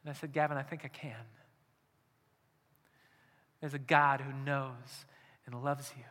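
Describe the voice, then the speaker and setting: A man preaching a sermon as pastor, dropping to hushed near-whispers and then rising to loud, urgent appeals. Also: mid-range voice, level tone, measured pace, long pauses. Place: church hall. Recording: long hall reverb.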